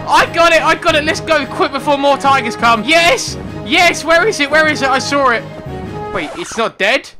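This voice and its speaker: A young man giving excitable let's-play commentary, yelping and shouting whenever something surprises him. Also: extremely high pitch, normal speed, music in the background. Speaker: gaming commentator.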